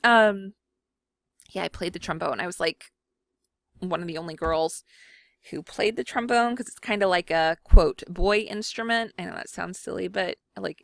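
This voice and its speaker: Young woman, casual rambling crafter chat, a bit of vocal fry, dry close sound. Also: on the low side, no room sound. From Mississippi. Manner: chatty, rambling, with fillers. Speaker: scrapbooking vlogger.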